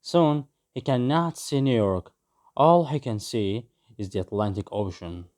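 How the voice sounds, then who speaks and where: A man reading a simple story aloud for English learners, with clear, simple phrasing. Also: mid-range voice, measured pace, a little mellow. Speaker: story narrator.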